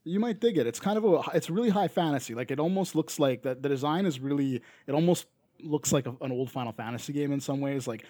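A man's voice: a little high, quick pace, mellow, no echo. Rambling Canadian man, dry close sound. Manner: rambling, many fillers and restarts. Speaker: podcast co-host. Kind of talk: casual chat.

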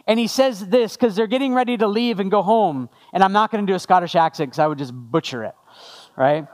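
A man's voice: sits high, brisk. A male pastor giving a sermon after an opening prayer, conversational with jokey asides to the congregation.

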